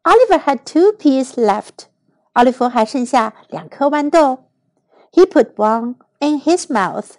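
A woman reading a children's picture book aloud slowly and clearly, in two languages. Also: sits high, no room sound. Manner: slow, clear, expressive reading. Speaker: storyteller. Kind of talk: bilingual storybook read-aloud for children.

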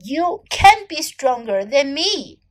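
A woman's voice: high voice, very animated, slow, pitched above the performer's own voice, heavily acted. Woman doing a bragging storybook elephant. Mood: boastful. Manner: loud, emphatic bragging. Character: boastful huge male elephant, proud of strength.

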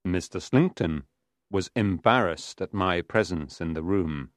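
Deep slow-reading male narrator. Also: no echo, clean studio sound. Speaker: audiobook narrator. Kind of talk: scripted narration of a graded reader.

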